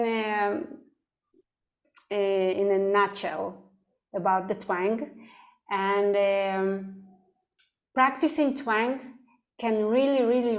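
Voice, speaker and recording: A woman teaching vocal technique in an online class, explaining slowly and singing sample words. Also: mid-range voice. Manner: slow, demonstrative, sings sample words.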